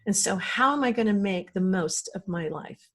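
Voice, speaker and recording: A woman's voice: mid-range voice, expressive, normal speed. A middle-aged woman, a podcast guest, telling a personal story in an earnest, emotional way.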